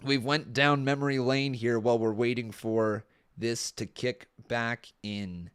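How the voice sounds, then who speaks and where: A man's voice: mid-range voice, steady tone, a little slow, fairly bright tone, clear, resonant tone. A young man from Canada doing casual live-stream commentary, exclaiming and laughing often as he looks back at old videos.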